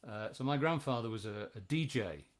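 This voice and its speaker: A man is a guest on a studio radio show. He chats in a relaxed, easygoing way, often pausing with fillers, and his voice sits at a middle pitch. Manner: relaxed, hesitant, many fillers. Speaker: guest songwriter. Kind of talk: casual interview chat.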